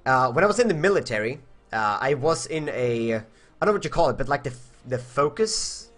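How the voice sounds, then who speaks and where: A man's voice: mid-range voice, expressive, fairly quick, fairly bright tone, soft background music. A young man from Sweden chatting casually on a live stream, answering viewer questions in a rambling way, searching for words and swearing.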